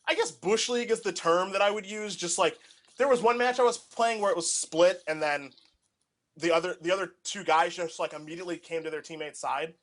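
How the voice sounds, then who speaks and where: A man's voice: high-pitched, fairly quick. A young man co-hosting a casual chat, telling rambling anecdotes packed with filler words. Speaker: podcast co-host.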